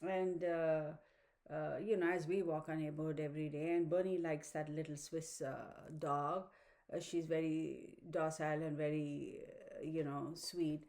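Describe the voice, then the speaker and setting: A woman's voice: sits low, flat delivery, unhurried, a little mellow. Chatty rambling woman vlogger. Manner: rambling, chatty, addresses viewers as y'all. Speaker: tarot reader and vlogger. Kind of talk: casual talk to camera.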